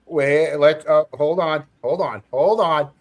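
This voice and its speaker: A man's voice: a little high, takes it slowly. A man hosting a live talk show, chatting casually and stumbling over his words. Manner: chatty, stumbling, laughs easily. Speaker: host. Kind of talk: casual chat.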